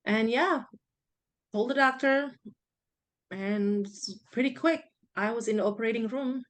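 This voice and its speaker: A woman's voice: on the high side, a little slow. A woman, recounting her own story as a guest in a casual, rambling way with many fillers and restarts. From Indonesia.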